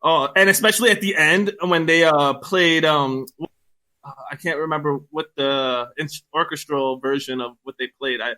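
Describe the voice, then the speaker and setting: High, very bright-voiced young man. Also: moderate pace. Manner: enthusiastic, swears freely. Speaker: podcast guest, music producer. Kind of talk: casual chat.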